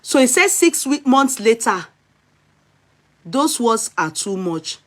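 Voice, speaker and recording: A Nigerian woman commenting on a video clip in casual, animated vlog talk, mixing English and Yoruba. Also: on the high side, slow pace.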